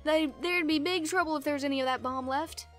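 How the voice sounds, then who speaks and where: A woman voicing a gruff, proud male wrestler gym leader with a blustery manner. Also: sits high, a little fast, soft background music, lightly acted. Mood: stern.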